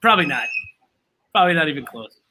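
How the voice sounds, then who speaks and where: A man's voice: fairly high pitch, big pitch swings, fast talker, bright, forceful tone, a little hiss or hum, rough recording. A man hosting a casual chat over drinks, laughing often and making fun of himself. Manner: laughs often, self-mocking.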